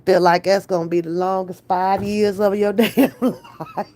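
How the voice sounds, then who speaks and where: A woman's voice: mid-range voice, fairly even intonation, a little slow, darkish tone, slight background noise. A woman hosting a casual reaction vlog, slangy and emphatic, with frequent laughter. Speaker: reaction channel host.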